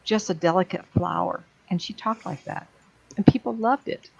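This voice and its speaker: A woman's voice: lowish voice, moderate pace, vocal fry, darkish tone, breathy edge. A woman speaking as a psychic medium, giving a blunt, plain-spoken talk to an audience. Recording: dull lo-fi sound.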